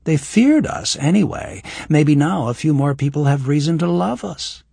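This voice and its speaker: A man voicing a frank, wry young woman healer in an audiobook, his voice lifted higher for her. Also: moderate pace, gravelly, slightly rough, no room sound, exaggerated voice. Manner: raised voice for a woman, expressive.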